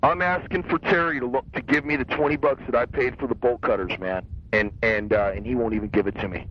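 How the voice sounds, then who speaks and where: A man's voice: mid-range voice, fast talker, a little hiss or hum. Hotheaded cursing man, lo-fi sound. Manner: profane, hotheaded, boastful, rambling. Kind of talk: casual ranting story. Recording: dull lo-fi radio sound.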